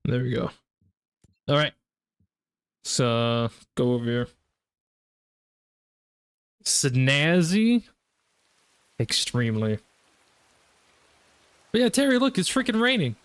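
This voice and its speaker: A young man with a Southern US accent talks his way through a game livestream. His pitch sits in an ordinary middle range, and he drifts from one thought to the next in a loose, chatty way, speaking straight to his viewers. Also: animated, slow pace, pauses often, clean tone, dry recording. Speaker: gaming streamer. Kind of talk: casual livestream commentary.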